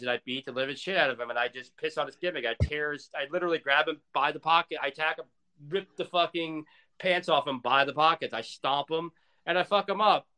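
A man's voice: a little high, sharp tone, clean tone, poor audio. A man talking as a wrestler guest in a casual interview, intense and profane, rambling through his ideas.

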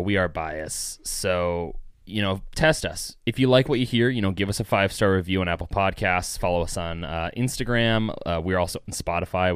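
A man's voice: low voice, clean tone, no room sound, studio quality. A young man co-hosting a podcast, bantering casually and laughing easily. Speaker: podcast co-host. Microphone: studio podcast mic.

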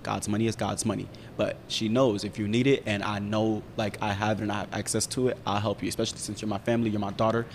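A young man rattles through a story at a quick clip, his voice sitting a little low. He talks candidly and animatedly, swearing freely, and the room adds a long, ringing reverb. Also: level tone. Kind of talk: casual storytelling chat. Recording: roomy reverb with faint rumble.

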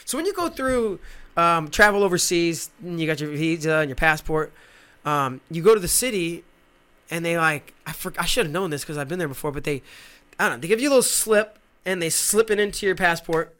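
A man casually telling travel stories as a guest, animated and acting out the people he met. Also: fairly high pitch, fairly quick. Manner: animated, acts out other voices. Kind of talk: casual storytelling chat.

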